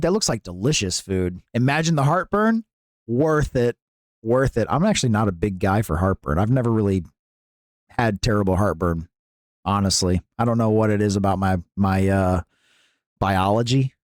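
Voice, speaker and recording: A man's voice: on the low side, lively intonation, moderate pace, a little mellow, no room sound, clean studio sound. A man hosting a live stream, chatting casually with viewers in a playful, jokey way and often laughing.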